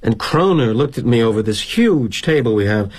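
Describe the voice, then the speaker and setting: A man's voice: mid-range voice, animated, moderate pace, a little mellow, husky. A middle-aged man performing a theatrical monologue as a corporate executive, wry and sardonic in a confiding tone.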